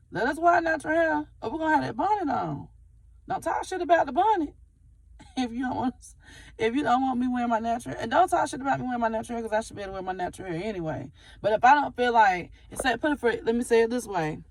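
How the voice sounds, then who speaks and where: A woman's voice: mid-range voice, no echo. A woman who does hair talking candidly to her viewers in a casual vlog, swearing now and then. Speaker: vlogger. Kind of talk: casual talk to camera.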